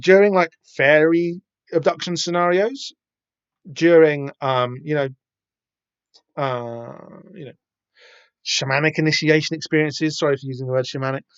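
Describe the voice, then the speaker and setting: A man with a slightly high voice rambles casually through a comic on his podcast, full of ums and restarts. The sound is dull and lo-fi, and very dry. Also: no room sound. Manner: rambling, many fillers and restarts. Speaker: podcast host.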